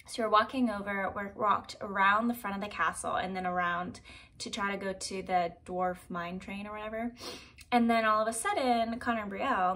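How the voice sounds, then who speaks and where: A young woman in her twenties chats to her camera in a casual vlog. She tells the story in an animated, gushing way and fills it with "like" and little side comments. Her voice sits at an ordinary middle pitch for a woman. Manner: chatty, animated, heavy use of "like". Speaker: vlogger.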